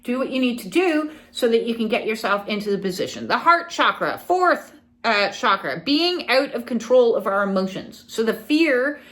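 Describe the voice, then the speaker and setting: A woman's voice: on the high side, moderate pace. A middle-aged woman spiritual coach talking casually, acting out little scenes and quoted voices as she teaches. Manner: animated, acts out quoted people.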